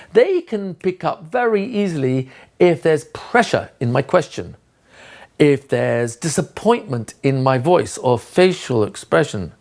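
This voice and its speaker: A man lectures teachers on classroom practice, his pitch rising and falling widely as he talks. He breaks into short acted scenes of teacher and pupil to make his points. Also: creaky. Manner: animated, acts out teacher and child voices. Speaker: teacher trainer.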